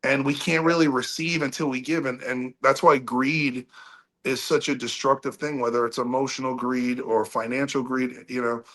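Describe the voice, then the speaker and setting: A man with a mid-range voice, a rock singer talking as a podcast guest. He tells a long story in a casual, animated way, restarting his sentences often. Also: mid-range voice, normal speed.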